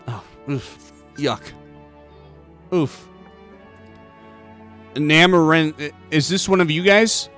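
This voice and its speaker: A man's voice: on the high side, takes it slowly, long pauses, a bit bright, faint music behind. A man giving casual, offhand commentary while playing a video game. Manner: offhand, muttering. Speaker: gamer.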